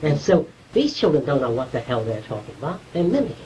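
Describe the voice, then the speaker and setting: A man's voice: medium pitch, big pitch swings, fast talker, warm tone, far from the mic, slight background noise, low-quality recording. A man giving an informal, conversational lecture to a small group, explaining ideas and checking whether his listeners follow.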